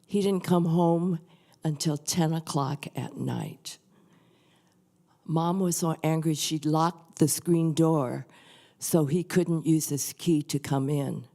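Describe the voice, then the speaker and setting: An older woman reading a prayer and then sharing a personal story at a church service, soft and earnest. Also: low voice, takes it slowly. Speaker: guest reader at a church service. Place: church sanctuary.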